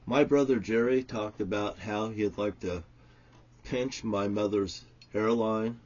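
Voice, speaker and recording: Angry, husky man on a profane rant. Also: slow pace, muffled recording. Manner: shouting curses, swinging from loud outbursts to low muttered storytelling. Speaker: self-styled prophet ranting to camera.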